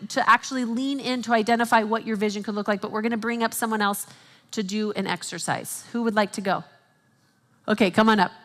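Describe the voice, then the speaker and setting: A woman leads a live workshop from the stage, her fairly high voice carrying through a reverberant hall. She coaches with energy and voices the questions people ask themselves as she works through them. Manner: animated, coaching, acts out inner questions. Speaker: speaker and workshop facilitator. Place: event hall with audience.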